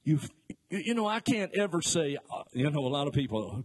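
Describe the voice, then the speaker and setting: A man's voice: fairly high pitch, very animated, fairly quick. A middle-aged male pastor preaching a sermon, telling folksy stories with jokes and acting out voices as he goes. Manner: folksy storytelling with jokes and asides; acts out voices in his stories.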